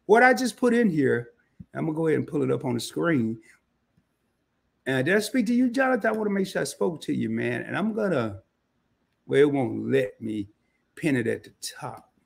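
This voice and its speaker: Male live-stream host with a gravelly, raspy voice, loose and slangy, chatting straight to his viewers. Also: medium pitch, very animated, moderate pace. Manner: loose slangy banter, greets viewers by name; frequent fillers and self-corrections. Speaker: credit card channel host. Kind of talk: casual live stream talk to chat.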